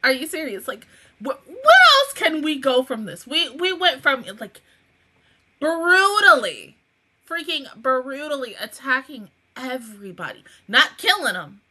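A woman hosting a casual anime reaction review, emotional and swearing freely, dropping from low mutters to laughing, near-tearful outbursts. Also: big pitch swings, measured pace, bright, forceful tone, a little hiss or hum.

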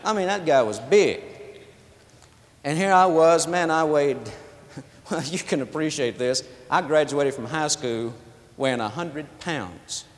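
Man preaching, folksy storyteller, slightly high voice, big reverberant hall. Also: measured pace. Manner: shouting, rising exclamations; folksy storyteller, drawling asides. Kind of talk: sermon with storytelling. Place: large convention hall. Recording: echoey hall, long reverb.

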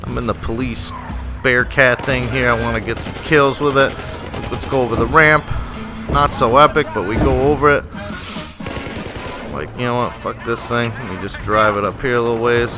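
A man's voice: mid-range voice, normal speed, music in the background. A man doing live gameplay commentary on his channel, joking and swearing, on a desktop microphone. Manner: profane, joking, animated. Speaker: gaming channel host. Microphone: desktop USB microphone. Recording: noisy, game sounds behind. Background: shooter game sounds, vehicles.

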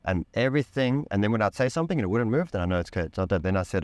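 Deep-voiced man telling an intense story. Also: lively intonation, racing, no room sound. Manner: intense and emphatic, casual slang and swearing. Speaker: podcast guest. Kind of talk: candid personal storytelling in conversation.

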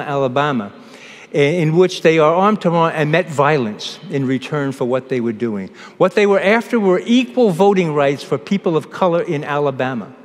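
A man who is a priest, giving a homily in a measured preaching manner with pauses and restarts, recorded in a church. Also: on the high side. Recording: long church reverb.

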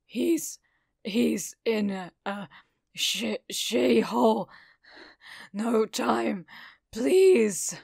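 A woman's voice: a little high, lively intonation, drawn-out words, creaky, long pauses, a little mellow, husky, no echo, studio quality, full character voice. A woman voicing an injured teenage boy who stammers and gasps for breath in an audiobook-style reading. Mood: urgent pleading. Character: battered teenage boy, hurt and desperate.

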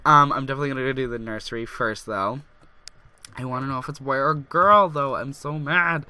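A young man narrating a life-simulation game, reading its text aloud with slips and gushing with excitement. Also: medium pitch, brisk, a little hiss or hum. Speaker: gaming YouTuber. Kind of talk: let's play commentary.

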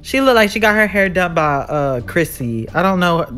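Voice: mid-range voice, lively intonation, normal speed, fairly bright tone, soft background music. A gamer giving live commentary on a horror game, jumpy and sassy, shrieking when scared and talking back to the villain. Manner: frightened shrieks and repeated exclamations.

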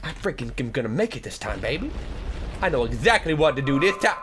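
A young man doing excitable, joking let's play commentary, often shouting and yelping. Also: medium pitch, normal speed, noisy background. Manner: excitable, shouts and yelps, jokey. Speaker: gaming commentator.

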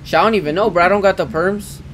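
A man's voice: high-pitched, quick pace, over a noisy crowd. A man hosting an online drawing game with friends, talking in a loose, slangy, profane way. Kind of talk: casual gaming chat on a call.

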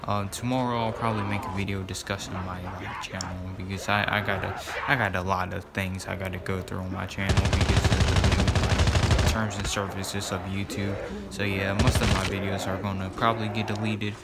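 A man's voice: low-pitched, little pitch movement, normal speed, over loud music. A man giving casual, rambling gameplay commentary as a gaming YouTuber, repeating words and filling gaps as he goes. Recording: loud gameplay gunfire underneath. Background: loud game gunfire.

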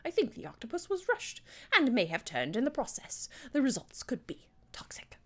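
A woman voicing a pompous rival male chef in a game, speaking slowly in a put-on accent and drawing out her words. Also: sits high, wildly swooping pitch, breathy edge, pitched above the performer's own voice, full character voice. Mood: alarmed. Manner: haughty, slow, drawn-out. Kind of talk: game dialogue read aloud.

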